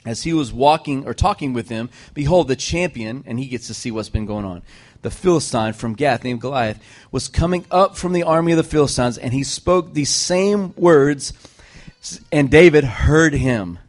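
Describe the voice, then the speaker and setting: Man preaching a lively sermon. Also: medium pitch, moderate pace. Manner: lively storytelling with joking asides to the congregation. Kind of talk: sermon retelling a scripture story.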